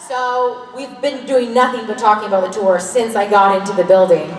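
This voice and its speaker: A woman's voice: medium pitch, steady tone, fairly quick, few pauses. A woman in her thirties chatting candidly as a convention panel guest, laughing often and swearing casually. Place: large convention hall. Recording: echoey hall, distant mic, faint ambience.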